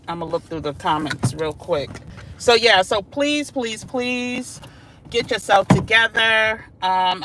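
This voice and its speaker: Driving along with slight background noise, a sassy vlog host chats directly to her live-stream audience, addressing them as "y'all" and "child." Her voice sits on the low side and is a bit bright.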